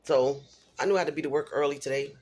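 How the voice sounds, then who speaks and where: A woman's voice: sits low, quick pace, a little mellow, a little hiss or hum. A middle-aged single mother venting in a personal vlog, blunt and emphatic, repeating herself for stress.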